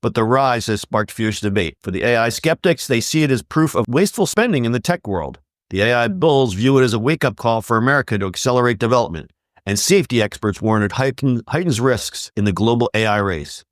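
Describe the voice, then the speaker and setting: A man hosting a podcast, chatting casually and reading news items with lively emphasis. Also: medium pitch, fairly quick, no echo, clean studio sound. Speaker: podcast host.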